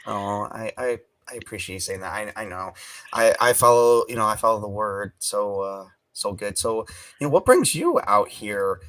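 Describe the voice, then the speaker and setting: A man's voice: on the low side, expressive, normal speed, fairly bright tone, dry recording, voice pushed down. A man playing a stammering young nun. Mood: timid. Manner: stammering, hesitant, confessional. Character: shy, nervous young nun, woman of twenty-five. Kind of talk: tabletop role-play, in character.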